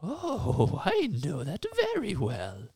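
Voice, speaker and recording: A man doing a high, lofty master of the woods. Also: wildly swooping pitch, takes it slowly, vocal fry, warm tone, slight background noise, exaggerated voice. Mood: grand. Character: grand male master of the woods.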